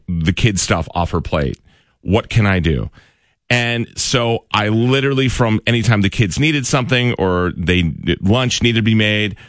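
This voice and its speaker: A man's voice: deep voice, dry recording, clean studio sound. A man hosting a casual radio morning show, telling an earnest personal story with self-deprecating jokes.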